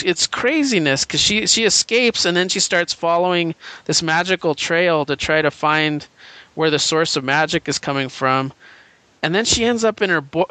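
Bright, clear-voiced man in casual chat. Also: a little high, dry recording. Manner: rambling, enthusiastic retelling with frequent fillers and laughs. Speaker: podcast co-host. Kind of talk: casual comic book chat.

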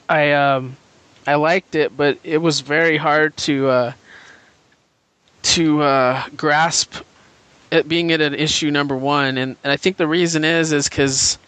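Male podcast co-host, slightly high, smooth clear tone, chatty and eager. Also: a bit bright, no room sound. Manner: rambling, enthusiastic retelling with frequent fillers and laughs. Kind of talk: casual comic book chat.

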